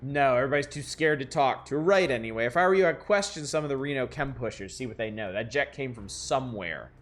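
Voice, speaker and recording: A man voicing a blunt, bitter mobster son who speaks low and clipped while reading game dialogue aloud. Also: animated, fast, close to an everyday voice. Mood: gruff.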